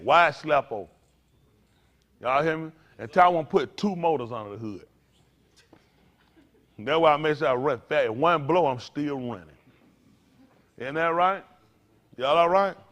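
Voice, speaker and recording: An older man preaching to a congregation, in a folksy, playful way with sudden loud bursts. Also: mid-range voice. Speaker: pastor.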